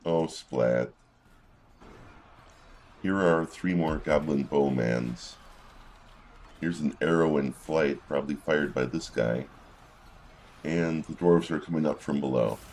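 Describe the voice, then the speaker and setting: A man's voice: very deep voice, slow pace, pauses often, darkish tone, slight background noise. A man giving casual gameplay commentary, reading in-game combat logs aloud with wry asides.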